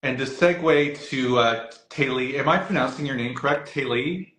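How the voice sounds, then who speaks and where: A man's voice: mid-range voice, normal speed, a bit bright. A man hosting a casual video-call interview, rambling through his questions with fillers and apologies. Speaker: interviewer for an epilepsy alliance. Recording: echoey room, faint background noise.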